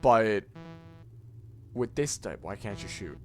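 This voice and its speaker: A man's voice: on the low side, lively intonation, slow, soft background music. A young man telling a rambling school story with many restarts and casual swearing while playing a game. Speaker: let's play co-host. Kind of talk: casual gaming chat, storytelling.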